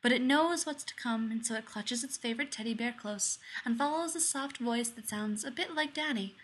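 A woman reading fiction aloud in a measured, expressive storytelling manner. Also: fairly high pitch. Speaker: audiobook narrator.

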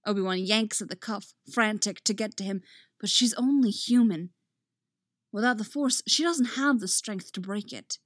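A woman reading a fan fiction story aloud as narrator, steady and expressive. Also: medium pitch, moderate pace, no room sound, clean studio sound.

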